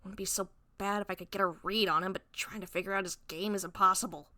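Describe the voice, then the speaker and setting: A woman's voice: mid-range voice, fairly even intonation, fast, pushed and bright, dry recording, natural voice. A woman voicing an exasperated young woman student in a fan-fiction read-through, muttering with irritation. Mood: irritated.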